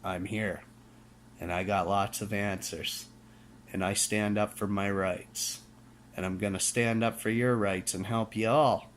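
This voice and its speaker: A Canadian vlogger rants fiery and preachy to camera, his voice on the low side, steady and a little slow. He keeps checking in with "okay?" and restarting his words. There's slight background noise behind this casual rant.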